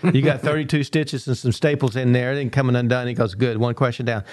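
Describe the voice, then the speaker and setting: An older man, a coach and university teacher, giving a motivational talk as an animated storyteller who acts out quoted dialogue and repeats words now and then. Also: medium pitch, fairly quick, dry recording.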